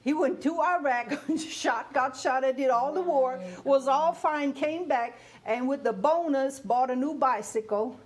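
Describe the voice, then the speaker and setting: A guest speaker on grief, this woman in her fifties talks through her topic conversationally in English, her second language. Her voice sits high and runs a little slow with hardly any pauses, and she often laughs and asks whether she's being heard.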